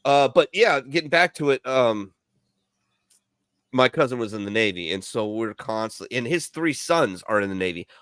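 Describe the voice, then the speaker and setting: A man's voice: mid-range voice, lively intonation, moderate pace, a bit bright, dry recording, clean studio sound. Rambling, profane man telling stories. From Milwaukee, US. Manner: rambling, profane storytelling with many fillers. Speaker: veteran co-host of a bar-themed radio show. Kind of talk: casual podcast chat.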